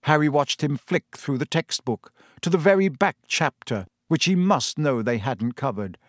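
A man reading a story aloud in measured, scripted narration. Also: medium pitch, no room sound, clean studio sound. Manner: measured storytelling, lively intonation. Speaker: audiobook narrator.

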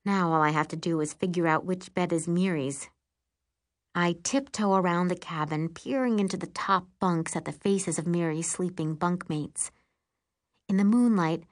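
A woman narrating a first-person audiobook in a lively, expressive storytelling manner. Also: on the low side, moderate pace.

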